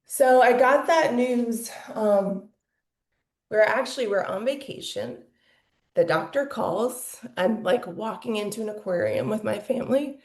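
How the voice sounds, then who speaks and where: A woman's voice: on the high side, lively intonation, a little slow, darkish tone, reverberant. A woman in her forties telling her personal story as a podcast guest, candid and emotional, with lots of "like" fillers. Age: 40s.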